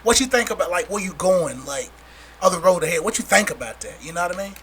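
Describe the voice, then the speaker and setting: A man hosting a podcast, talking casually and in an animated way as he hypes up his guest. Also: high voice, fast talker, a little hiss or hum. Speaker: podcast host.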